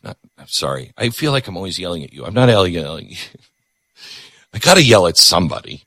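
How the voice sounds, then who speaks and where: Sarcastic ranting radio host guy, bright lively voice, dry studio sound. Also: deep voice, fairly quick, no room sound. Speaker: radio talk show host. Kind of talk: opinionated radio monologue.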